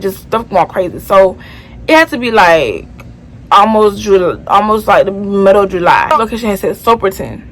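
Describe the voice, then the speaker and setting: A woman's voice: medium pitch, rough recording. A young woman from Florida telling a personal story in a casual storytime vlog, chatty and slangy, often turning to her viewers. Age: young adult. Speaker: vlogger.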